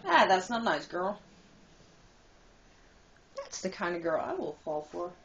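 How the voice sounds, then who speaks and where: Excitable woman doing game commentary. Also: fairly low pitch, unhurried, a little hiss or hum, low-quality recording. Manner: excitable, swearing, teasing, giggly. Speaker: gamer playing and commenting. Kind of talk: casual let's-play commentary. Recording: game music playing behind.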